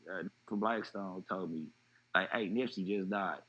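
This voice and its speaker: A man telling a personal story in an interview, animated and acting out what others said. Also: deep voice, a little slow, breathy edge, muffled recording. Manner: animated retelling, acting out quoted voices. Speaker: interview guest.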